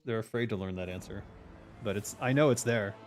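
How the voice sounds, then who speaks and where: A man's voice: on the low side, brisk, soft background music. A man hosting a casual stream chat as a game designer, ranting emphatically with lots of swearing.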